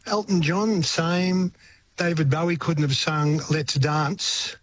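A man's voice: fairly high pitch, fairly even intonation, slow, slight background noise. An older Australian man, a veteran musician, giving a radio interview in a reflective, rambling way and often restarting his sentences. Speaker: musician guest.

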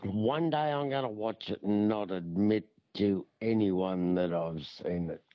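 Older male radio caller in his sixties, unhurried, relaxed, muffled phone-in line. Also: on the low side, no room sound. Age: 60s.

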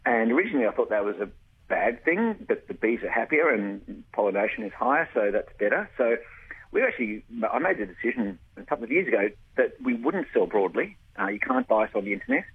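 A man's voice: medium pitch, big pitch swings, a little fast, slightly rough. Beekeeper man on a phone line. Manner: enthusiastic, stumbling restarts. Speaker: beekeeper guest. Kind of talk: radio phone interview.

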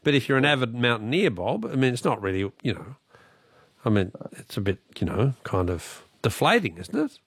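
A man's voice: mid-range voice, big pitch swings, fairly quick, a bit bright, breathy edge, no echo. Wry Australian man hosting a radio quiz. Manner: chatty, wry, teasing. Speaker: radio quiz host taking callers.

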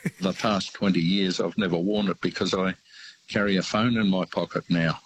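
Deep-voiced older Australian man, rambling. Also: steady tone, slightly rough, poor audio. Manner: halting, rambling storyteller with many fillers. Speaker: radio caller. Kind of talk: casual phone-in chat.

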